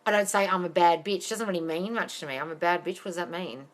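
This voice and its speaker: This manifestation coach, a woman who's not American, takes questions on a live stream, calls her listeners darling and swears freely in a blunt manner. She talks fast at a fairly low pitch.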